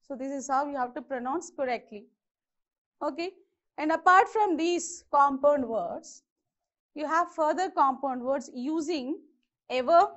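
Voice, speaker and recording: Indian English woman teacher, high and unhurried, patient drilling of words, dull lo-fi sound. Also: a bit bright. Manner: slow, repeats each word to model its pronunciation. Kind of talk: exam-prep grammar lesson.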